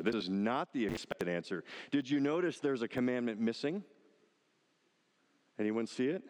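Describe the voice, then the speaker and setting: A man's voice: medium pitch, long reverb tail. A man preaching a sermon, acting out quoted lines with rising emphasis and asking the congregation questions. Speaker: pastor.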